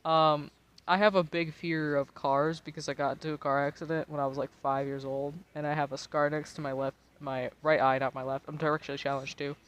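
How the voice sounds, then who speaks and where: A man's voice: fairly high pitch, flat delivery, brisk, a bit bright, clear, resonant tone, muffled recording. An American man in his twenties, tipsy and rambling in casual, profane chat while streaming a game, laughing often. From United States. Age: 20s.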